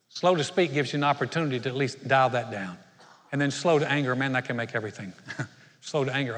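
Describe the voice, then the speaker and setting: In a church sanctuary with long hall reverb, a middle-aged male pastor preaches conversationally, joking with the congregation and poking fun at himself. His voice is fairly high in pitch and a bit bright.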